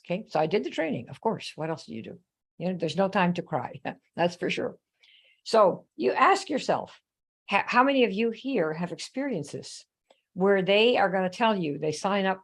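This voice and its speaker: A woman hosts a live online coaching talk. Her voice sits at a middle pitch. She tells her story in a chatty, animated way and often stops to ask viewers questions. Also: moderate pace. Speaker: host.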